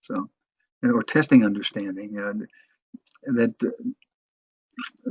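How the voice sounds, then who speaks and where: A man lectures on phone sales in a halting way, restarting his sentences often. His voice is husky and mid-pitched. The recording is dull and dry, with no room sound. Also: a little mellow, no room sound. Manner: halting, many restarts and fillers. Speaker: sales trainer.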